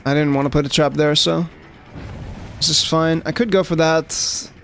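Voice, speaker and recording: Gravelly gamer, chatty. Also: male voice, fairly high pitch, fairly even intonation, moderate pace, a bit bright, faint music behind. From South Africa. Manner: casual, chatty, lots of "like" fillers, addresses chat. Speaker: streamer. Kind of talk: live gameplay commentary.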